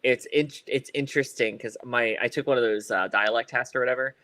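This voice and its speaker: Rambling podcast co-host with a stutter. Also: male voice, medium pitch, steady tone, a little fast, sharp tone, no echo. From Ohio. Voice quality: occasional stutter. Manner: rambling, many fillers and restarts, laughs often. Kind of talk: casual chat.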